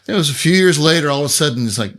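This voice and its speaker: A man's voice: fairly high pitch, rapid-fire. A man, a songwriter guest, telling stories in a casual, chatty interview and acting out what other people said. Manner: animated anecdote-telling, acting out others' lines; loose, chatty phrasing with restarts.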